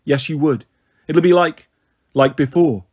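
A man reading the part of an anxious but determined teenage girl in a husky voice, hesitant but trying to sound confident. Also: fairly high pitch, expressive, fairly quick. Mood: earnest.

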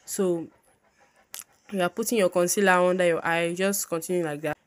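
A woman walks through a makeup tutorial in casual, chatty talk. Her voice sits fairly low, and she is bubbly and loops her instructions over and over. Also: fairly even intonation, normal speed. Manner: chatty, bubbly, repeats herself often.

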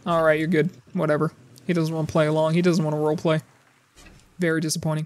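A man giving sarcastic, profane commentary while playing a game, often yelling at the game characters. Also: a little high, little pitch movement, quick pace. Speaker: gaming YouTuber. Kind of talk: casual gameplay commentary.

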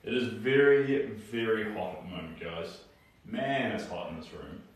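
A man with a New Zealand accent talks casually as he paints, sounding a little sniffly and stuffy. His fairly low voice rings around a very echoey room, picked up from some way off the mic. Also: lively intonation, normal speed, distant mic. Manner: chatty, reads out viewer comments, hums to himself. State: sniffly, congested. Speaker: painter livestreaming. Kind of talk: casual live-stream chat while painting. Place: room indoors, hot.

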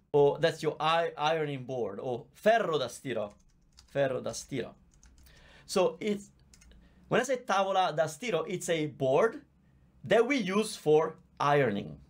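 High-voiced Italian-accented male teacher. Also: lively intonation, a little slow, creaky, pauses often. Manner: chatty, explains patiently, reads out viewer comments. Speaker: language teacher. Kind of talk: live online Q&A lesson. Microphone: visible microphone.

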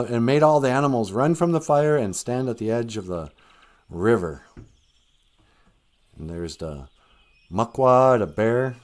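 A man's voice: lowish voice, darkish tone. A middle-aged man telling a story in a casual, chatty way, chuckling often and restarting his phrases.

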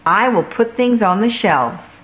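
A woman's voice: mid-range voice, lively intonation, measured pace, fairly bright tone, voice pushed up. A woman doing a fussy shopkeeper. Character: fussy, bossy female shopkeeper.

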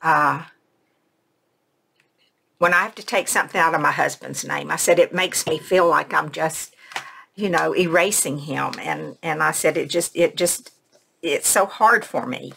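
A woman, a craft vlogger, casually telling a personal story in a soft, emotional way and retelling conversations word for word. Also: sits low, a little slow, vocal fry, slight background noise. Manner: rambling, retells conversations in quotes.

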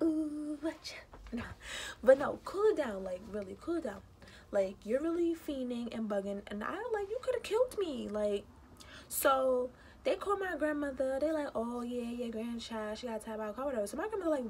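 Animated high-voiced young woman. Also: normal speed, a little hiss or hum. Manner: animated, indignant storytelling with quoted voices. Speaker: vlogger. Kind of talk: casual storytime.

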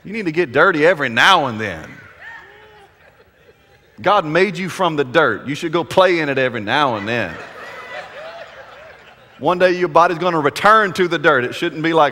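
Brief: middle-aged male pastor, animated and bright, preaching in a long-echo hall. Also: on the high side, moderate pace, pauses often, a little hiss or hum. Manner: chatty storytelling with humor. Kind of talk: sermon. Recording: echoey hall.

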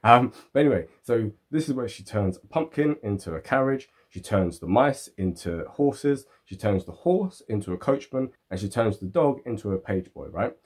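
A man's voice: fairly low pitch, expressive, moderate pace, hardly any pauses, husky. A man reviewing a film in a casual, rambling way, often checking in with "right?" and "like". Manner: rambling, filler-heavy, seeks agreement.

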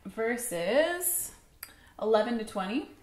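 Animated young woman telling a bible story. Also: on the high side, slow. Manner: animated storytelling with playful character voices. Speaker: Sunday school teacher. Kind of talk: children's Bible lesson. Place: home. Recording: echoey room.

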